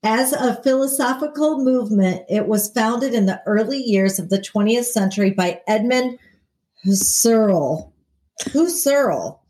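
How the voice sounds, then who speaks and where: A woman in easy conversation, with a voice that sits a little on the high side. She talks in a playful, joking way, riffing and teasing as she goes. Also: moderate pace, hardly any pauses, a little hiss or hum. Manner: playful, jokey, animated with laughs. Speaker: podcast co-host. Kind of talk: casual chat.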